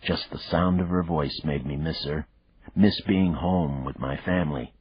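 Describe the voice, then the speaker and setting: A man reading a thriller audiobook in the first person, measured and reflective. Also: a bass voice, slightly rough, no echo. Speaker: audiobook narrator. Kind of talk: first-person scripted narration. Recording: dull lo-fi dry recording.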